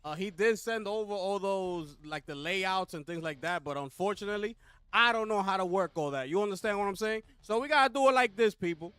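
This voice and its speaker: A man's voice: sits high, fairly quick, a bit bright, clean tone, dry recording. A young man hosting a casual live co-stream, hyped and calling out to his chat with repeated slang. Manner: hyped, talks straight to chat with repeated slang call-outs. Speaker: livestream host.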